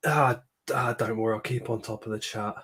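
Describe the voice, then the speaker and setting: A man's voice: fairly low pitch, fairly even intonation, fairly quick, fairly bright tone, a little hiss or hum. Sniffly man hosting a livestream. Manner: chatty, laughs often, greets viewers by name. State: sniffly from a cold. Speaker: livestream host. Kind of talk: casual livestream chat.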